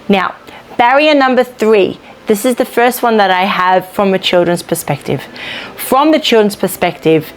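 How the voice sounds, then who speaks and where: A woman's voice: mid-range voice, slight background noise. A woman giving practical advice to early childhood teachers in an instructional video, speaking in an encouraging, down-to-earth way. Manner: practical, encouraging, demonstrates read-aloud intonation.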